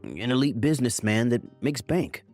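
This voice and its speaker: A man's voice: medium pitch, expressive, normal speed, darkish tone, soft background music, close to an everyday voice. A man playing a defensive, evasive husband in a dramatized story, placating and brushing off complaints. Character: defensive, evasive husband trying to please his mother.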